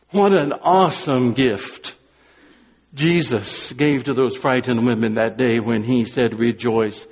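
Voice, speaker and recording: A man preaching an Easter sermon as pastor, moving from quiet, deliberate emphasis to joyful exclamations. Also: medium pitch, husky. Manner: swings from quiet emphasis to exuberant exclamations, briefly sings. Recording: long hall reverb.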